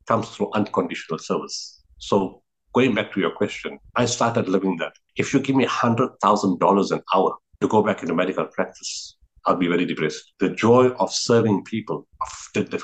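Earnest South African man, low voice. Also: rough recording. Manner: earnest, repeats words for emphasis, frequent restarts. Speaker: guest, founder of a relief organization. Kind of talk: reflective interview storytelling.

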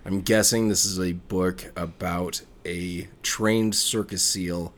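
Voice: sits low, steady tone, takes it slowly, a little hiss or hum. A podcast co-host in casual chat, playful and jokey, often laughing.

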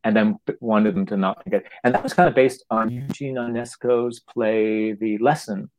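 Fields: Sex: man. Role: playwright. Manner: halting, with restarts. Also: lowish voice, fairly even intonation, a little mellow, low-quality recording. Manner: halting, restarts words, acts out quotes. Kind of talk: casual interview talk.

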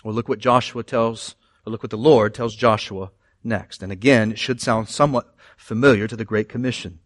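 A man preaching a sermon as pastor, animated, rising and getting louder on scripture quotes, with quick asides to the congregation. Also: fairly low pitch. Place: church.

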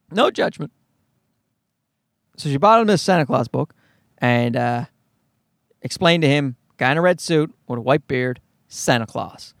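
A man's voice: on the high side, lively intonation, unhurried, pauses often, no room sound, clean studio sound. A man hosting a podcast who tells a rambling, sarcastic story full of swearing. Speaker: podcast host. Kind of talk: comedic storytelling monologue.

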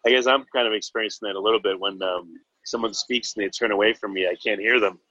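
A man interviews a guest, asking questions in a casual, slightly hesitant way. His voice is lowish and husky. The sound is close and dry, with a dull, lo-fi quality. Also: steady tone, fast talker, bright, forceful tone, no echo.

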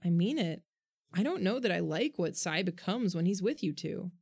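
A woman voicing a gentle, earnest boy who speaks firmly and thoughtfully in a storybook reading. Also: on the low side, lively intonation, moderate pace, creaky, husky, heavily acted. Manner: gentle but firm, earnest.

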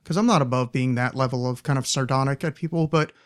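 A young man hosts a podcast, talking fast in a mid-range voice. He chats casually in a rambling, sardonic way and swears freely.

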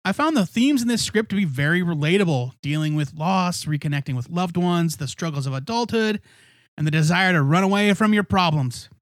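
High-voiced man reviewing comics. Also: lively intonation, fairly quick, no room sound, clean studio sound. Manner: rambling, self-correcting, laughs often. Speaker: podcast co-host. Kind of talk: casual comic review chat.

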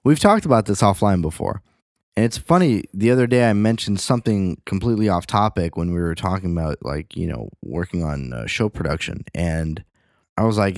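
Animated, swearing young man. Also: sits low, fairly quick, vocal fry, no room sound, studio quality. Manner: rambling, profane, animated. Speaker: podcast host. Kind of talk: casual chat.

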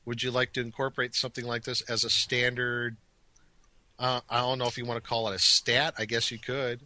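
This is a man with a very bright, sharp-edged voice who leads a gaming podcast panel. He keeps the discussion moving with light joking. The sound is dry and close. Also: medium pitch, flat delivery, fairly quick, no room sound. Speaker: podcast host leading the discussion. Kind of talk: casual tabletop gaming discussion.

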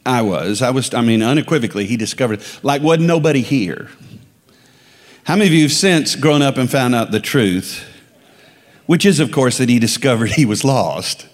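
A man's voice: medium pitch, moderate pace. A man from the Dakotas preaching as a guest speaker, emphatic and calling on the congregation to repeat phrases after him. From Dakotas, United States. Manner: emphatic, calls for congregation responses. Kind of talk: sermon. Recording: long reverb of a large hall.

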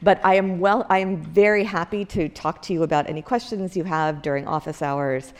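A woman's voice: on the low side, fairly even intonation, brisk, darkish tone. A woman lecturer giving a university lecture in a conversational way, with many fillers and self-corrections. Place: lecture hall.

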